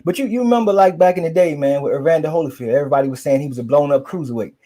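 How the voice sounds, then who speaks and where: Higher-voiced man rambling on boxing. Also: very fast, mellow. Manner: rambling, fillers, slangy. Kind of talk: casual boxing chat.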